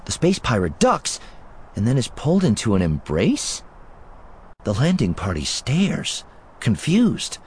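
A man narrating a story chapter in an expressive, playful way. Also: mid-range voice, measured pace, slight background noise. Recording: background music under the voice.

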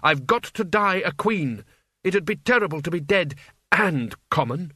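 A man's voice: on the high side, expressive, a little slow, pushed and bright, slightly rough, dry recording, clean studio sound, pitched above the performer's own voice, heavily acted. A man reading an audiobook, voicing an imperious young woman who insists on being a queen, speaking icily and snappishly. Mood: icy. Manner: icy, haughty, snappish.

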